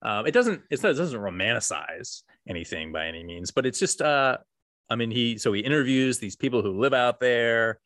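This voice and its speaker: A man co-hosting a podcast, teasing his partner with quick quips and then reading a prayer aloud. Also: medium pitch, animated, a bit bright, no room sound, clean studio sound. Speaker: podcast co-host. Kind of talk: casual chat and reading a prayer.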